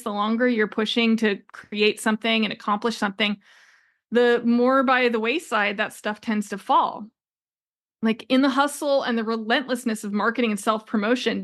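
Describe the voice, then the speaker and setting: On her own business podcast, a woman in her forties who works as a business coach chats her way through a story and laughs a lot. She speaks a little high, with a slightly bright tone.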